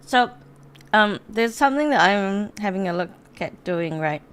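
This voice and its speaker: A woman's voice: mid-range voice, expressive, measured pace, a bit bright, clear, resonant tone. A young woman streamer chatting casually and rambling, with frequent giggles and fillers while she reacts to videos. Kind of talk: casual chat.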